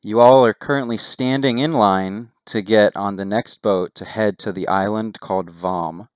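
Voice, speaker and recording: A man narrating a tabletop game as game master, with steady descriptive narration and casual asides. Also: fairly low pitch, moderate pace, clear, resonant tone, no echo, studio quality.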